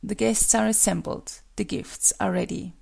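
A woman's voice: medium pitch, fairly even intonation, moderate pace, creaky, slightly rough. A woman voicing a kindly, dignified older feudal lord who speaks in a stately manner, in a storybook reading. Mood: benevolent. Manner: stately, warm.

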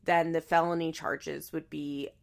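Hoarse, stuffy-nosed woman podcast host. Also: low-pitched, flat delivery, a little slow. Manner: chatty, laughs often, many fillers and restarts. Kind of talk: casual solo podcast chat.

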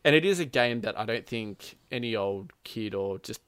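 A man's voice: lowish voice, expressive, normal speed, fairly bright tone, clear, resonant tone, no echo. A man telling a gaming story in casual chat, rambling with lots of "like" and frequent laughs. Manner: rambling, says "like" constantly, laughs often, acts out quotes.

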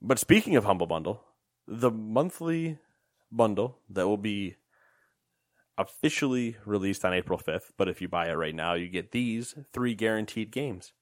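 Low-voiced joking young man. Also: expressive, normal speed, no room sound, clean studio sound. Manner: joking, rambling, lots of fillers. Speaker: podcast co-host. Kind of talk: casual gaming news chat.

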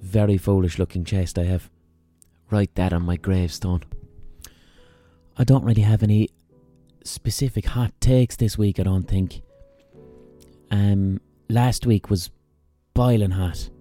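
Low, mellow-voiced Irish man telling a yarn. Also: fairly even intonation, measured pace, pauses often, soft background music. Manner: profane, rambling storyteller. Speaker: podcast host. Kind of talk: casual comic monologue.

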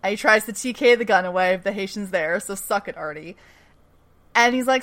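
Brief: woman podcast host, casual and animated recap, salty language. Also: mid-range voice, fairly quick. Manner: animated storytelling, swears freely, laughs often. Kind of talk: casual chat.

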